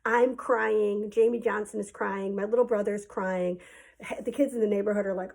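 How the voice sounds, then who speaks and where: A woman's voice: mid-range voice, normal speed, creaky. Chatty woman telling a childhood story. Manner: chatty and animated, with many ums and likes. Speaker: teacher telling stories to her class. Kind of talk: casual spoken storytelling. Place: at home.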